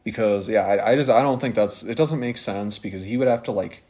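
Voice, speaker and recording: A man's voice: fairly low pitch, a little fast, darkish tone. A man co-hosting a podcast, chatting casually and animatedly with many fillers and restarts. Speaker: podcast co-host. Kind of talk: casual chat.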